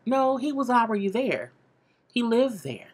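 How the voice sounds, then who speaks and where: A young woman chats through a show recap in a husky, slightly breathy voice. Her pitch swings widely as she talks, gossipy and animated, tossing in "okay?" between thoughts. It is casual vlog talk, loose and conversational. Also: unhurried.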